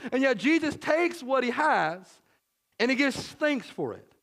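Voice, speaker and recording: A man's voice: very high-pitched, big pitch swings, a little slow, vocal fry, a bit bright. A man preaching a sermon as pastor, conversational, with frequent "right?" asides, and he acts out the disciples' worried voices.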